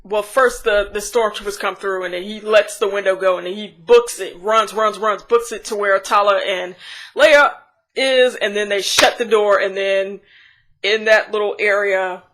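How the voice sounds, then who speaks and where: A woman's voice: mid-range voice, fairly even intonation, moderate pace, a bit bright. A woman reviewer giving a casual, rambling scene-by-scene recap, chatty with frequent restarts and giggles. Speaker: show reviewer.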